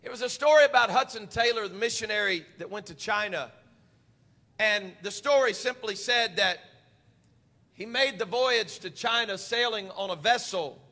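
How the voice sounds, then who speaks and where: A man preaching a fervent sermon, building up to shouts. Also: high-pitched, moderate pace, big-room sound.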